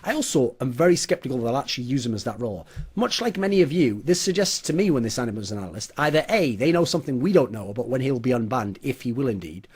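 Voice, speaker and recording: Husky man giving blunt esports opinions. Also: medium pitch, very animated, fast talker, hardly any pauses. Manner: opinionated, candid, sarcastic asides. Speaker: podcast co-host. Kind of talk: casual esports commentary chat.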